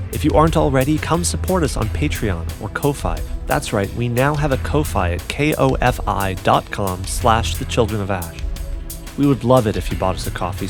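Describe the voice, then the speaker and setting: A man who is the storyteller of a tabletop game podcast, reading the outro and chatting in a relaxed, self-deprecating way. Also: mid-range voice, creaky. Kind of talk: podcast outro and casual chat.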